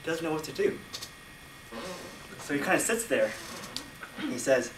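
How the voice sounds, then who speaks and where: A man improvising an animated story at a club meeting, heard from across an echoey room. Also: a little high, moderate pace. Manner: animated, laughs as he tells it. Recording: echoey room, distant mic, faint noise.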